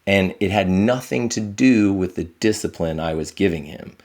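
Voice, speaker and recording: A man with a very low, deep voice speaks candidly as a podcast guest. He is earnest and reflective, and he lifts his voice when he acts out what people said. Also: normal speed, a little mellow. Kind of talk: candid conversational storytelling.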